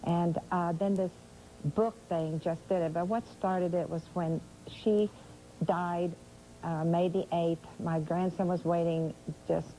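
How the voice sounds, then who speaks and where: An older woman speaking as a guest on a live TV interview, aggrieved and halting, often restarting her sentences. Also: fairly low pitch, fairly even intonation, mellow, a little hiss or hum, poor audio.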